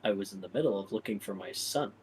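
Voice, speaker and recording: A man voicing a brisk woman who speaks in a flat, low, matter-of-fact way. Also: breathy edge, low-quality recording. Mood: curt. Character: curt woman named Sarah, brisk.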